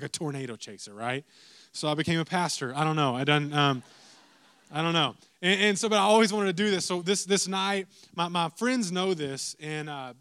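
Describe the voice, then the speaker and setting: Young pastor guy preaching, kinda high voice, chatty asides, dry close sound. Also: dry recording. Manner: animated storytelling with repeated asides. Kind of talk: sermon.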